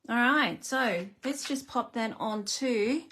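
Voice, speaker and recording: Speaking slowly in a voice on the high side, a woman runs a casual live card-making demo, talking to viewers and laughing at herself while she crafts. The background is noisy.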